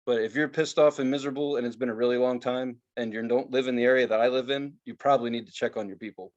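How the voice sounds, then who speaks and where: A man's voice: medium pitch, quick pace, highs cut off. A young adult man co-hosting a podcast, telling stories in casual chat with lots of cursing and acted-out quotes. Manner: profane, animated storytelling with voiced quotes. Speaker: podcast co-host.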